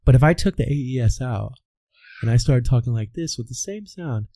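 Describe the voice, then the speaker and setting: Expressive and brisk, his warm mid-range voice comes through with no room sound. He's a voice coach from the US Midwest, explaining as an interview guest like a teacher and answering the rhetorical questions he poses.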